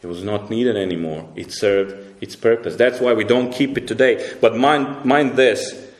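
A man preaching a sermon as pastor, emphatic and repetitive, climbing up in pitch when he presses a point and dropping quiet for grave lines. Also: measured pace. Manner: emphatic, repeats words and restarts, rises sharply when stressing a point. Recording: roomy echo.

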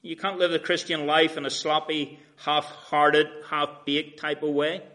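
Man, preacher, sermon, slightly high pitch, emphatic then quiet, sarcastic paraphrasing of scripture. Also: little pitch movement, a little slow. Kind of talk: expository sermon.

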